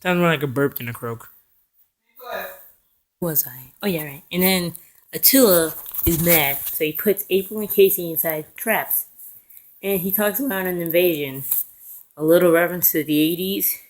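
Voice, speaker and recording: A young man retelling a cartoon episode casually, rambling with fillers and self-corrections, and briefly acting out the characters' lines. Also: a little high. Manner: acts out characters' lines in quick voices. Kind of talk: casual recap.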